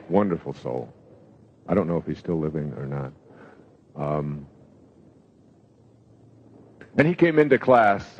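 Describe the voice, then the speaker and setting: An older man giving a motivational lecture, telling stories in a reflective way with pauses and fillers. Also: deep voice. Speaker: motivational speaker. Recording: dull lo-fi lecture recording.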